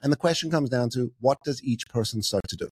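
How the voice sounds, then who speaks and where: A man guest in a casual interview, explaining ideas with lively analogies. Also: medium pitch, fast talker, husky, no room sound. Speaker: guest, communication coach.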